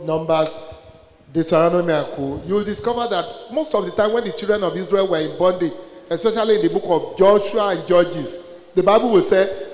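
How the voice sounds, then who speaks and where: Nigerian preacher with a higher voice. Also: male voice, darkish tone, long reverb tail, low-quality recording. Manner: asks the congregation questions, then answers them. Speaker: preacher leading a Bible study. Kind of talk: interactive sermon.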